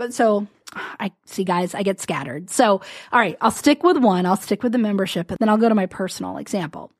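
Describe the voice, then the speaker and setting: A woman hosting a casual solo podcast as a business coach, talking in a chatty, rambling way with small laughs and quick asides. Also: fairly high pitch, no room sound, clean studio sound. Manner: chatty, rambling, self-interrupting with little laughs.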